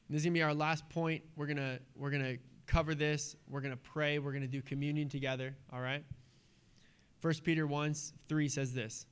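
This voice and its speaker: A man preaching a sermon in a church, animated and conversational, with sudden hushed drops. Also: a little high, clean tone. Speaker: pastor.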